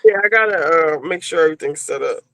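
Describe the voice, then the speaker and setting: A man's voice: fairly high pitch, quick pace, a bit bright, dry recording. A man chatting casually on a live stream, joking and laughing.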